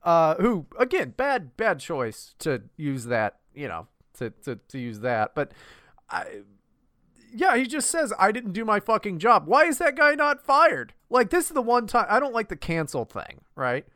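A man's voice: sits high, a little slow, dry recording, studio quality. A man co-hosting a podcast, chatting casually and mocking things with lots of swearing. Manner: profane, mocking, animated. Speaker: podcast co-host. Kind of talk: casual chat.

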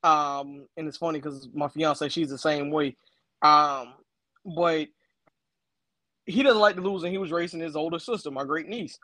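A man's voice: fairly high pitch, fairly even intonation, moderate pace, sharp tone, no room sound. A middle-aged man co-hosting a casual faith talk, explaining with personal stories and everyday examples. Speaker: co-host.

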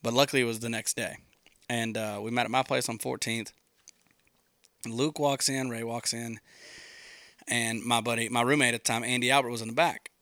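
A man's voice: medium pitch, steady tone, normal speed, long pauses, sharp tone, dry recording, studio quality. A man, a songwriter, casually telling how a song was written, loose and rambling, swearing freely and often saying dude. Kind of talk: casual storytelling conversation.

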